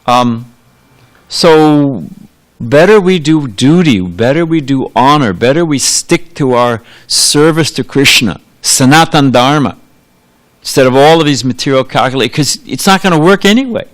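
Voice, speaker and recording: A man's voice: mid-range voice, animated, normal speed. A man giving a sermon in a temple, talking in a loose conversational way, trailing off into asides and restarting his sentences. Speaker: preacher. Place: temple hall.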